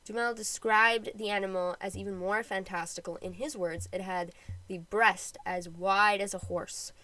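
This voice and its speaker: A woman's voice: medium pitch, fairly even intonation, normal speed, bright, forceful tone, poor audio. A woman narrates a history episode for her own podcast, reading from a script. She keeps slipping into casual, joking asides between the read passages. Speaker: podcast host.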